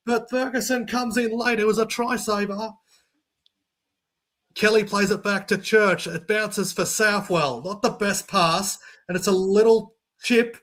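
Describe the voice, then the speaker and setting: Male sports commentator, high voice, excitable live play-by-play. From Australia. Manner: rapid play-by-play, jumps to shouting on big runs.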